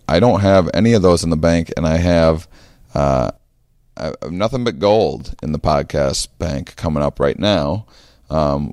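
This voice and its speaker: Podcast host, male, deep, rambling and chuckling, worn out. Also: darkish tone, clean tone, dry recording, studio quality. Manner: rambling, self-mocking, laughs often. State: tired. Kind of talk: casual podcast chat.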